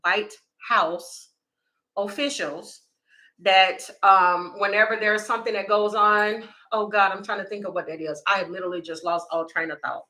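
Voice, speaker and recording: A woman, doing a casual livestream tarot reading and talking straight to her viewers in a chatty, animated way. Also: medium pitch, normal speed. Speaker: tarot reader.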